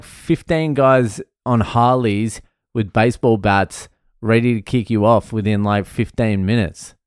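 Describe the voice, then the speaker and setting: An Australian comedian with a lowish, clean voice hosts his own podcast, delivering a casual storytelling monologue full of swearing and laughter. The studio-quality recording has no echo.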